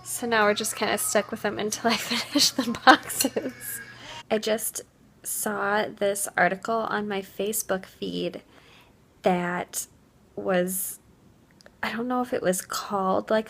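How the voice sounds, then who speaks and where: A young woman chats into a handheld camera in her kitchen, gushing and earnest, with "like" scattered through every sentence. Her voice sits at an ordinary middle pitch for a woman. It is a relaxed home vlog. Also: vocal fry. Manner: gushing, heartfelt, heavy use of "like". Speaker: vlogger. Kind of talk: casual vlog chat.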